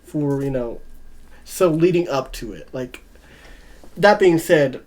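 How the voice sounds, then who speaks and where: A man's voice: fairly high pitch, animated, takes it slowly, a little mellow. A man co-hosting a podcast in casual chat, laying out his predictions and hedging with "I think". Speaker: podcast co-host.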